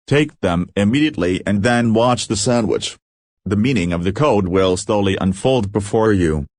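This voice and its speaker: A man's voice: lowish voice, normal speed, a little mellow, no room sound, studio quality, close to an everyday voice. A man voicing a pompous, self-important male alien leader who issues commands. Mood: commanding. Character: pompous giant-brained male alien leader, easily alarmed.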